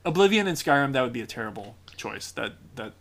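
A man on a gaming podcast thinks out loud, hesitating and restarting his sentences. His tone is bright and forceful. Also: mid-range voice, very animated, fast talker. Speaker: podcast co-host. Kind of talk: casual podcast chat.

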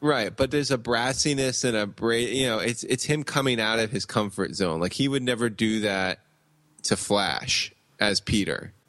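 A man's voice: fairly low pitch, a bit bright, no room sound. A man co-hosting a podcast, chatting casually about comics, often stalling and repeating words as he works out his thoughts. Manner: halting, repeats words while thinking aloud. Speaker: podcast co-host.

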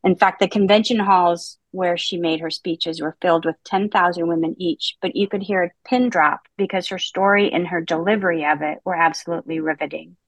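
Brisk and steady in tone, a woman with a lowish voice barely pauses as she reads the prepared intro to her book podcast. She then leads the casual book-club discussion with dry, self-mocking humor; the recording is low quality, with no room sound.

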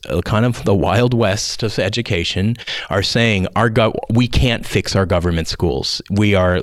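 A man's voice: low-pitched, no echo, clean studio sound. A man guest on a podcast, talking in a thoughtful way with frequent restarts and emphatic repeats. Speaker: education guest speaker. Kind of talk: conversational podcast interview.

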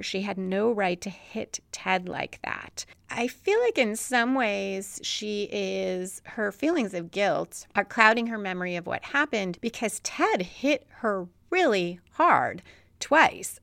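A woman's voice: mid-range voice, creaky, no room sound. A woman hosting a casual recap of a TV episode, retelling scenes in a conversational way. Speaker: podcast host recapping a TV episode.

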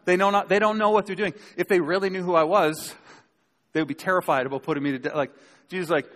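High-voiced and steady, this pastor talks fast with a slightly bright tone as he delivers a sermon to a live congregation. The sanctuary's long hall reverb surrounds his conversational preaching, which is full of emphatic points and rhetorical questions.

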